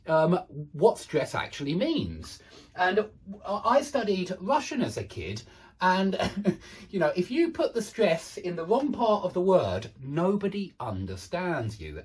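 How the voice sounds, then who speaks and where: Man, English teacher, online pronunciation lesson, chatty, self-deprecating, very animated pitch. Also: husky. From England. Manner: chatty, self-deprecating, slows to model words.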